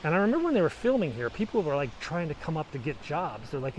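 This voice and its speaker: Middle-aged guy rambling on a walk with his camera, voice a bit high, snowy street, faint traffic hiss behind. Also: very animated, quick pace, darkish tone, dull audio. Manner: chatty, rambling, anecdotal. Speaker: vlogger. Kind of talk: casual walking tour commentary. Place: snowy city street outdoors.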